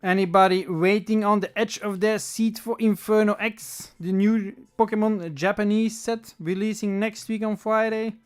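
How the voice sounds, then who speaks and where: A chatty livestream host opening card packs and talking straight to the viewers. The voice is smooth and clean, pitched in a middling range. Talks loosely, thinks aloud and corrects itself mid-sentence. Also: fairly even intonation, moderate pace, few pauses. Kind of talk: casual livestream chat while opening packs.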